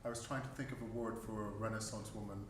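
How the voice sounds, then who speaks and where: A man's voice: lowish voice, fairly even intonation, fast talker. Man speaking in an echoey hall. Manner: chatty, warm laughter, frequent fillers. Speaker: vocal tutor and researcher. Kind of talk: conversational Q&A at a research forum. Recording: echoey hall, distant mic, faint hiss.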